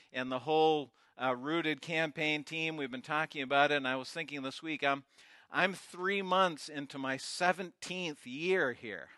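A middle-aged male pastor giving an earnest, emotional sermon, often halting and restarting. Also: a little high, bright, forceful tone, no echo.

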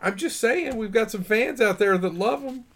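Teasing podcast co-host, lively voice. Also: male voice, high voice, moderate pace. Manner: teasing, jumps in with quips. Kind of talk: casual banter.

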